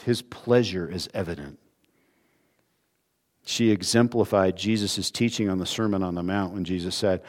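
A man preaching a sermon, expressive, moving between emphatic lines and hushed, quiet ones. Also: sits low, normal speed.

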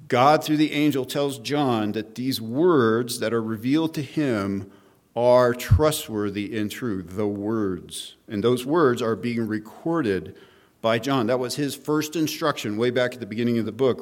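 A middle-aged male pastor preaching an expository sermon, reading scripture aloud and explaining it in a measured teaching manner, with frequent fillers and restarts. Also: medium pitch.

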